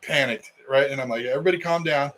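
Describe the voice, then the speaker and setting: A man's voice: mid-range voice, fast, fairly bright tone, poor audio. A middle-aged man, a wrestling coach co-hosting a podcast, telling a story in casual chat and acting out the quotes.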